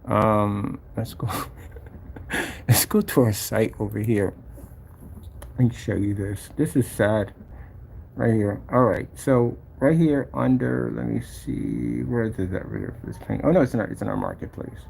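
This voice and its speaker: A man with a gravelly, creaky voice talks through a screen share in a casual, mocking tone. His pitch jumps around a lot as he gets exasperated, and a faint hiss of background noise sits under him. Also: animated, measured pace, darkish tone. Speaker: company owner showing his product site.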